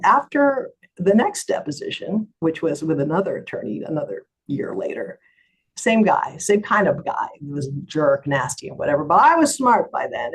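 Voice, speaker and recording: A woman's voice: mid-range voice, slightly rough, poor audio. A middle-aged woman lawyer, a guest in an interview, retelling a courtroom story with animation and acting out the voices of others.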